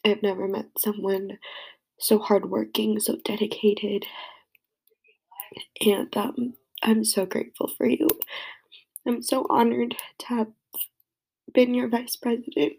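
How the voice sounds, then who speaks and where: A woman's voice: fairly high pitch, level tone, a little slow, vocal fry, long pauses, warm tone, slightly rough. A young woman crying as she gives a rambling, heartfelt tribute to a friend. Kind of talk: emotional personal tribute.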